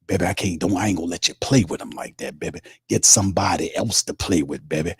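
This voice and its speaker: A boastful, smooth-talking reverend, put on by a man. He drawls "baby" after nearly every phrase in a low, husky voice. The sound is dry and close, with no room around it. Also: quick pace, no echo, heavily acted.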